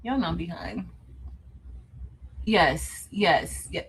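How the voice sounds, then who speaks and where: A woman's voice: a little high, lively intonation, measured pace, long pauses, noisy background. A woman hosting a casual livestream, chatting with her viewers, calling them "y'all" and laughing often. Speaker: livestream host.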